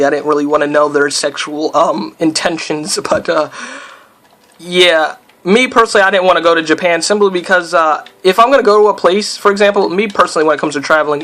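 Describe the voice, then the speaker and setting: A man from the United States talks over his own survival gameplay, drifting from topic to topic with plenty of fillers. His voice sits a little high and rings bright and forceful, and he breaks off now and then with startled yelps at what happens on screen. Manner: rambling, loose talk full of fillers. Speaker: let's player. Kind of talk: casual gameplay commentary.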